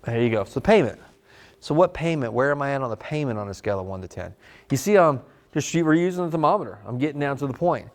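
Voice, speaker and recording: A man teaching a live sales training class in a casual, animated way, slipping into short customer role-plays. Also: medium pitch, fast talker. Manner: animated, conversational, drops into customer role-play.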